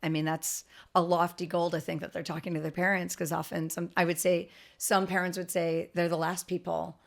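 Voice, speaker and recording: A middle-aged woman talks as a podcast guest, earnest and explanatory, restarting her sentences as she goes. Her voice sits a little low with a gravelly edge. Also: flat delivery, a little fast. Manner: earnest, explanatory, with frequent restarts and light laughs. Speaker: guest, autism expert. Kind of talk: podcast interview.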